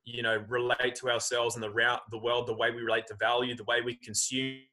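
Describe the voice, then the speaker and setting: A man's voice: mid-range voice, little pitch movement, brisk, pushed and bright, low-quality recording. A man in casual conversation, talking animatedly and acting out quoted voices.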